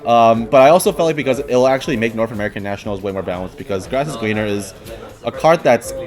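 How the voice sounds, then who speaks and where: A man's voice: medium pitch, quick pace, darkish tone, faint music behind. A friendly man with a Canadian accent, a guest explaining his views on card games. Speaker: guest player. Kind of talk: casual chat about card games.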